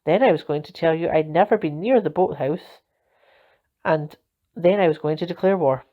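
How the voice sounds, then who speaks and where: A woman's voice: deep voice, normal speed. A woman voicing an earnest young boy captain in a storybook reading, serious and proud. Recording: dull lo-fi recording.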